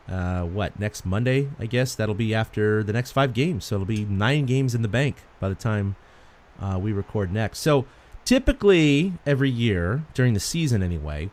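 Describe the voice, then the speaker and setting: A man's voice: fairly low pitch, normal speed. Chatty man talking baseball. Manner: chatty, animated storyteller who laughs often. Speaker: podcast co-host. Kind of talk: casual sports chat.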